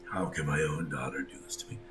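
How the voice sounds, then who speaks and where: Male GM doing a bitter dragon-goddess mother, hushed and wounded. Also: fairly high pitch, level tone, slow, a little hiss or hum, pitched above the performer's own voice. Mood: betrayed. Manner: hushed, accusing.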